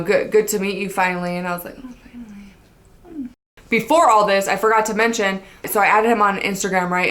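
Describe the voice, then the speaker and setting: A young woman casually telling a funny personal story, chatty and self-mocking, swearing freely and acting out what people said. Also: medium pitch. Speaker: vlogger telling her story.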